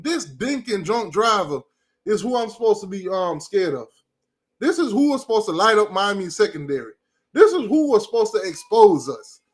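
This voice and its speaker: A man's voice: high-pitched, a bit bright. A man giving a ranting college football commentary, trash-talking rival fans in a brash way and hammering the same jabs over and over.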